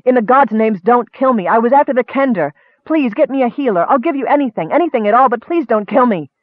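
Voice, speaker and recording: A man voicing a badly wounded human male hunter who pleads in a high, strained voice, in a storybook reading. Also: lively intonation, fast, dry recording. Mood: begging. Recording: dry, narrow phone-like sound.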